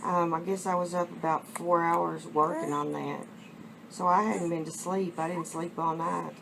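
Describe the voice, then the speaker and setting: A woman with a West Texas accent, chatting on her home vlog and cooing baby talk to a reborn doll in a soft, drawn-out way. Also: lowish voice, steady tone, vocal fry. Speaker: reborn doll collector vlogger. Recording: noisy home video.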